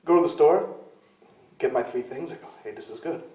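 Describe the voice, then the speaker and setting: A man's voice: fairly high pitch, a little fast, warm tone. A man in a casual interview, telling rambling self-deprecating stories and acting out the voices of the people in them. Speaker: interviewee, wrestler. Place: club in London. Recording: roomy, distant, dull lo-fi camcorder sound.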